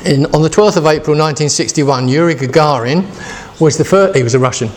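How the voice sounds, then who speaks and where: A man's voice: fairly high pitch, fairly quick, slight background noise. A man in his sixties preaching a casual, chatty sermon and asking his listeners questions. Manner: chatty, asks the congregation questions.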